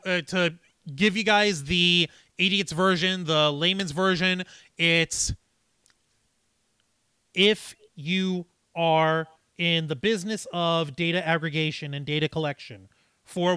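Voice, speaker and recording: A male livestream host talks through a topic in a loose, rambling way, full of fillers and restarts. His voice is bright and smooth, and the sound is dry and close. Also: fairly high pitch, no room sound. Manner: explains at length with fillers and restarts. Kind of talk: casual livestream discussion.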